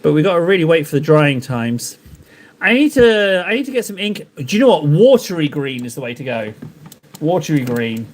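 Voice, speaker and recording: A man's voice: a little high, sing-song, fairly quick. A man hosting a live stream, chatting casually and joking to himself while he paints miniatures. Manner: rambling, jokey self-talk while painting. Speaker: livestream host painting miniatures.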